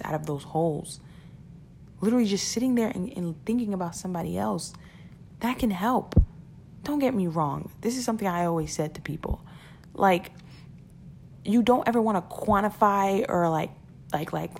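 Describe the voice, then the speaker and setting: A woman's voice: fairly low pitch, vocal fry, a little hiss or hum. A woman talking casually and earnestly to her listeners about keeping perspective, often repeating words and laughing between points. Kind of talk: casual motivational talk.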